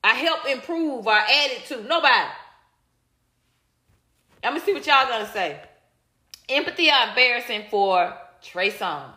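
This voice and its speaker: A woman with a bright, high-pitched voice rants heatedly and casually as she reads viewer comments live, being blunt, repetitive, and sometimes swearing. Expressive and a little slow, she pauses often, and the room sounds echoey and spacious.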